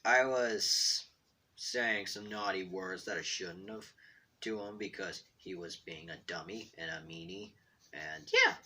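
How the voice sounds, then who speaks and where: Bright-voiced man rambling through a story. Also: sits low, big pitch swings, a little slow, vocal fry. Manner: self-deprecating, meandering, trips over words. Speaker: storyteller drawing on camera. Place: bedroom at home.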